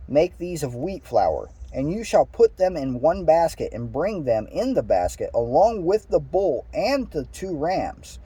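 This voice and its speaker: A man's voice: on the high side, sing-song, measured pace, few pauses, dark tone, husky. A man casually reading a scripture passage aloud, stumbling over words now and then and adding his own asides. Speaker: Bible reader.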